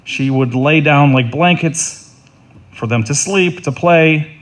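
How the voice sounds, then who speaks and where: A middle-aged man delivering a funeral eulogy in an earnest, halting way, often repeating words and restarting. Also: fairly high pitch. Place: funeral service.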